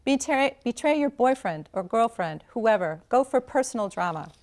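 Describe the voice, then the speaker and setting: A cocky young man who teases and coaches with easy confidence, as a woman reads him aloud. The voice sits fairly high and keeps a steady, coaxing tone. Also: normal speed, natural voice. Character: cocky young male staffer, teasing, bossy.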